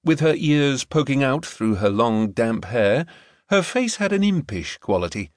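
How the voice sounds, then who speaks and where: In studio-quality audio with no room sound, a man narrates a novel for an audiobook. His scripted reading is measured and expressive, pitched in the medium range.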